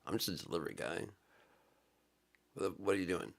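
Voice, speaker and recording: A man's voice: low voice, big pitch swings, brisk, creaky, exaggerated voice. Man putting on a casual delivery driver, flustered, startled, slangy, defensive.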